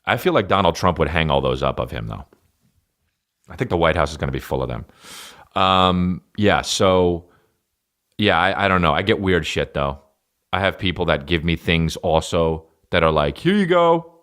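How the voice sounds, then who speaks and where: A man hosting a podcast, riffing in a rambling, profane comic style with sudden loud jumps. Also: sits low, normal speed. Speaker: podcast host and stand-up comedian. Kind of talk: casual solo podcast rant.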